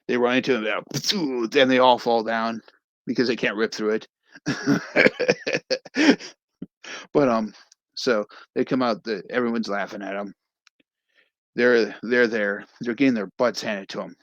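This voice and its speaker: A man's voice: mid-range voice, no room sound, dull audio. Rambling young man recapping a movie. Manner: rambling, acts out scenes with quoted lines. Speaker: movie review host.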